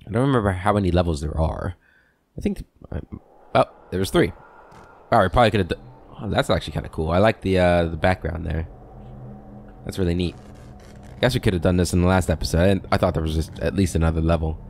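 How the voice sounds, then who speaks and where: A deep-voiced man hosting a gameplay video, talking casually and thinking aloud as he goes. He drifts between his own chatter and reading the game's text aloud, easygoing and unhurried. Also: vocal fry, slight background noise. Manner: relaxed, meandering, thinks aloud. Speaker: let's play host.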